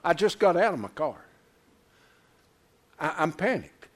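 An older man preaching a sermon, telling a folksy story and swinging from low murmurs to loud high exclamations. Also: big pitch swings, measured pace. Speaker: pastor.

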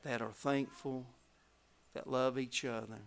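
A man preaching a revival sermon, telling stories and building to loud climaxes. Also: medium pitch, fairly even intonation, unhurried, creaky.

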